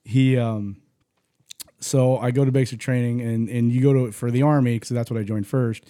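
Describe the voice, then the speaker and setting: A man recounts his army training days in a loose, profane conversational style. His voice is mellow and darkish, recorded dry and close. He stumbles and restarts often as he talks. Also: medium pitch, steady tone, normal speed, no room sound. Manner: profane, rambling, frequent restarts. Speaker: guest, army veteran. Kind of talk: casual storytelling.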